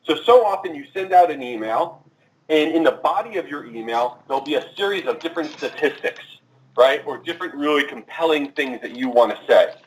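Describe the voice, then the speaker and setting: A man giving a marketing presentation at a conference, talking fast and addressing the audience directly. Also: a little high, lively intonation. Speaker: conference speaker. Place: conference room. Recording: echoey and distant from the mic.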